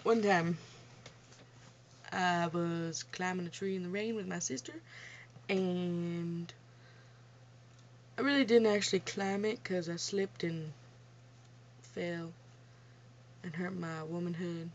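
A woman's voice: on the low side, fairly even intonation, slow, long pauses, a little hiss or hum. A young woman telling childhood stories in a casual vlog Q&A, blunt and profane, often laughing at herself. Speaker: vlogger. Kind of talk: casual storytelling Q&A. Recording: dull lo-fi home recording.

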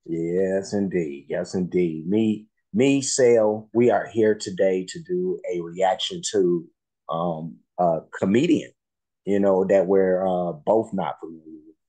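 A man hosts a reaction video in a loose, rambling chat full of ums and restarts. His voice is very low and husky, with a dark, mellow tone. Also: slow pace, rough recording. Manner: rambling, filler-heavy, friendly. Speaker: reaction channel host.

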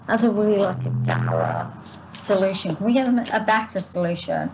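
A woman's mid-range voice swings hugely in pitch at a normal pace over background noise as she delivers a spontaneous tarot reading to her viewers. Short of breath and sore in the throat, she sighs and yawns, restarting often and slipping into asides.

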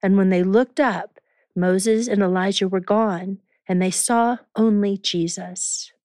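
Smooth-voiced woman host reading scripture. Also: medium pitch, steady tone, darkish tone, no room sound. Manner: measured, clear reading voice. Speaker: podcast host. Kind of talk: scripture reading and show introduction. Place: recording studio. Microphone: studio microphone.

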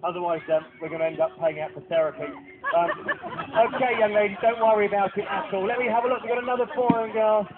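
A man's voice: high-pitched, quick pace, very noisy. A man presenting a falconry display at an outdoor arena, joking and coaxing children from the crowd into the show. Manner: jokey, cheerful, coaxing children. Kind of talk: live outdoor show commentary with audience. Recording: tinny phone-like camcorder audio with music behind.

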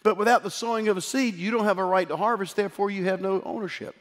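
A middle-aged man preaching a sermon as pastor, shifting from emphatic exhortation to quiet, tender storytelling. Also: sits high, fairly even intonation, quick pace. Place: church sanctuary. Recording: hall reverb with faint music.

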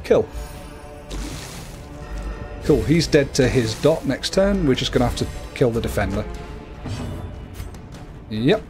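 A man's voice: big pitch swings, slow, pauses often, over music. A man casually commenting on a game he is livestreaming, chatty and playful. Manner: chatty, playful, often slips into a high cooing voice for his cat. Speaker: gaming livestreamer.

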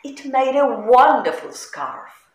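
A woman's voice: high voice, sing-song, slow pace, voice pushed up, full character voice. A woman voicing a kind, cheerful male giant in a storybook reading, with a bouncy sing-song delivery. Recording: echoey room.

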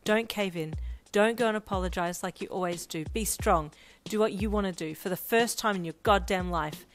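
A woman voicing a shy young woman in an audio fanfiction, speaking softly yet sternly. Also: mid-range voice, moderate pace, a little hiss or hum, lightly acted. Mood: resolute. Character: shy young woman, quiet and hurt, turning defiant. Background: faint lo-fi music.

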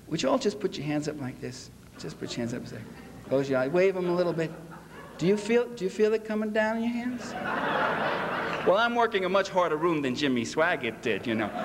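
A man lectures a convention crowd in a sarcastic, mocking tone and slips into acted quotes. His voice sits on the high side for a man. The sound rings with long hall reverb over a faint bed of ambience. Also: background noise. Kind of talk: public lecture to a convention audience.

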